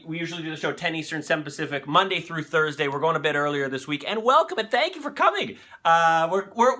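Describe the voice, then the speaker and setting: A man's voice: fairly high pitch, sharp tone. A man hosting a live-stream show in loose, rambling chat, swearing freely and talking to his viewers.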